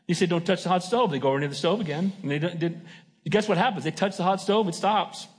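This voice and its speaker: A man's voice: high voice, quick pace, husky. A man preaching a sermon as pastor, emphatic and folksy, often asking his congregation "Amen?". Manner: folksy and joking.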